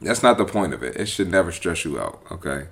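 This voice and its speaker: A man hosting a podcast as a personal trainer, talking bluntly and with profanity in a casual, animated monologue. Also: deep voice, a little fast, vocal fry.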